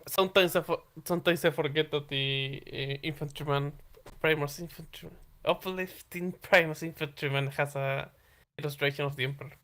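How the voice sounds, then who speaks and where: A podcast co-host joins the banter with crude, sweary jokes. The voice sits at a middle pitch. The talk is loose and offhand. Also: fairly even intonation, fairly quick, fairly bright tone.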